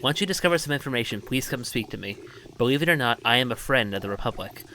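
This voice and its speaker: A man's voice: medium pitch, animated, fast, bright, forceful tone, a little hiss or hum, rough recording. A man reading as a formal worried alien official. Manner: formal, earnest.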